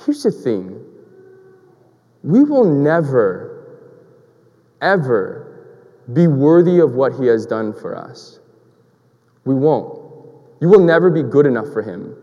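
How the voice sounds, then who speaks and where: A man's voice: mid-range voice, sing-song, slow pace, pauses often, dull audio. Conversational preacher man in a ringing hall. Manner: conversational storytelling, with rhetorical questions. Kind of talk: sermon.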